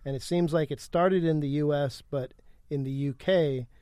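A man podcast host reading research notes aloud in a monotone. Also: a little high, normal speed, dry recording. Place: studio.

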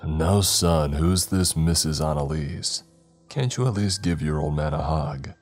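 A man voicing a stern older father who gives gruff commands, in a very deep voice. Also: a little slow, darkish tone, soft background music, full character voice. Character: stern older father, former policeman, angry.

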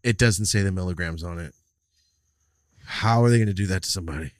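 A man's voice: low-pitched, fairly quick, no room sound, clean studio sound. A man hosting a casual podcast chat, teasing his guest and swearing freely. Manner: teasing, swears a lot, pushes for stories. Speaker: podcast host.

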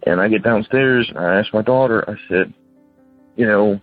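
A man in his thirties calls in by phone and rambles through a ghost story casually, acting out the voices of the people in it. His voice is lowish and moderately paced, and the recording is dry, with a tinny phone line and faint music.

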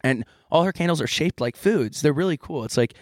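A man's voice: fairly high pitch, a little fast, no room sound, studio quality. A young man from California, co-hosting a podcast in casual chat, telling stories with put-on voices. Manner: animated storyteller, puts on voices for the people in his story. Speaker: podcast co-host.

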